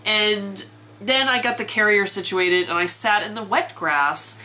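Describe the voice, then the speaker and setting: Bright, chatty woman vlogging. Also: mid-range voice, measured pace, a little hiss or hum. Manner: chatty, laughs often, self-mocking. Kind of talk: casual storytelling vlog. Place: outdoors and in a parked car.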